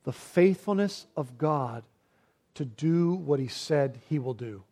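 A pastor delivers a sermon in a high, light male voice. He speaks slowly and deliberately, repeating words as he builds. He swings between emphatic rises and hushed drops. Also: lively intonation. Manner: preaching with emphatic rises and quiet dramatic drops.

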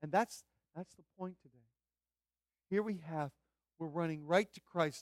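A man preaching a sermon as pastor, fervent and emphatic, building to loud repeated declarations. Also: a little high, unhurried, dry recording, clean studio sound.

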